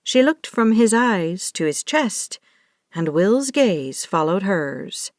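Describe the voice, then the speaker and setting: A woman reads an audiobook romance at a slow, measured pace. Her voice is even and steady. The recording is close and dry, with no room sound. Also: mid-range voice, dry recording. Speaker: audiobook narrator. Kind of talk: scripted narration.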